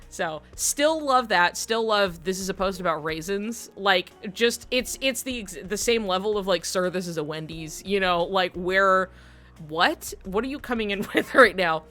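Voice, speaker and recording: A woman's voice: mid-range voice, bright, forceful tone. A young woman streamer chatting casually while she plays, rambling with lots of fillers and frequent giggles. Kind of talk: casual chat while gaming.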